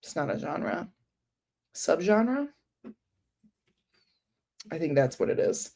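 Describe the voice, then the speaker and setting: With a deep, husky, slightly mellow voice, a woman hosts a book livestream, speaking slowly yet very animatedly. She rambles through viewers' comments in a relaxed way, dropping in many fillers such as "um" and "like."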